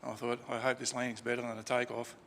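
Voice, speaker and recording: A gravelly-voiced man tells an anecdote at a funeral in a loose, chatty way, stopping and restarting as he goes. He speaks into a lectern mic in a chapel with a long reverb tail. A faint room hum sits behind him. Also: mid-range voice, flat delivery, fast talker, fairly bright tone. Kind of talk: informal storytelling eulogy. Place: crematorium chapel.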